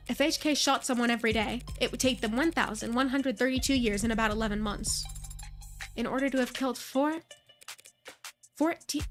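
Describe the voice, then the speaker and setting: With a fairly high pitch, a woman streamer reads a visual novel's dialogue aloud, voicing every character in a near-plain voice and dropping in brief asides.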